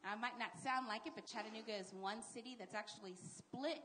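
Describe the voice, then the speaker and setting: Animated woman on a live panel. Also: a little high, quick pace, slight background noise. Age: middle-aged. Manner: animated storyteller with emphatic asides. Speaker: panel guest.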